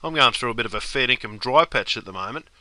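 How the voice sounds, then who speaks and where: A man's voice: medium pitch, lively intonation, fast talker, bright, forceful tone, no echo, rough recording. A young man with an Australian accent playing a laid-back mate full of slang in a comedy sketch. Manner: broad slang-laden banter. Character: laid-back Aussie bloke Bruce, slang-heavy mate.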